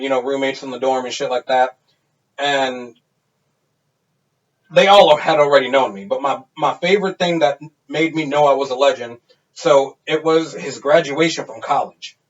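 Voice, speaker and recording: A man in his thirties, a podcast co-host, telling a wild party story in a casual, animated and profane way. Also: mid-range voice. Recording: dull lo-fi sound.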